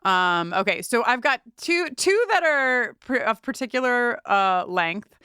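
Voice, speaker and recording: A woman co-hosting a podcast chats and reads listener emails, her pitch swinging widely as she jokes and laughs. Her voice is smooth and clear, recorded close and dry with no room sound. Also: unhurried, no echo. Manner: animated, laughing often, playful asides. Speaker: podcast co-host. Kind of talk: casual podcast chat, reading listener emails.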